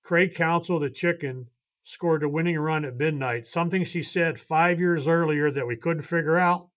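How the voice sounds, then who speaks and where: As a guest on a podcast, an older man who has long coached baseball recounts personal stories earnestly and from the heart, frequently restarting. He talks at normal speed in a voice that is a little high and a bit bright.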